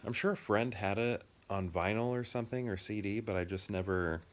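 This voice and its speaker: Deep-voiced easygoing man, thirties, casual co-host who rambles and laughs. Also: fairly even intonation. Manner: easygoing, laughs often, drawn-out explanations. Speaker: podcast co-host. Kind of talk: casual chat.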